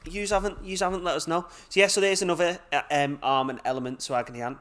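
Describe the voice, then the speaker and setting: A man's voice: fairly high pitch, steady tone, fast talker, a bit bright. A young man co-hosting a podcast, bantering easily and leading into each segment. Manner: easygoing banter, leads into segments. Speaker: podcast co-host. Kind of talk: casual chat.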